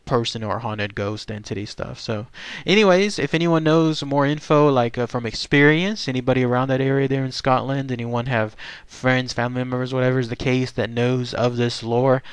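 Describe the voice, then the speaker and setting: A man's voice: medium pitch, fairly even intonation, normal speed, clear, resonant tone, no room sound. Man rambling through a ghost story. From Texas. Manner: rambling, with many fillers and restarts. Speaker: channel host. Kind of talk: casual unscripted storytelling monologue.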